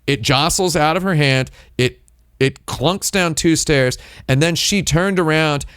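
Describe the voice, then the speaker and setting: A man's voice: a little high, a little slow, fairly bright tone, clear, resonant tone, dry recording, clean studio sound. A man hosting a casual livestream, rambling through a story with lots of fillers and restarts. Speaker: streamer host.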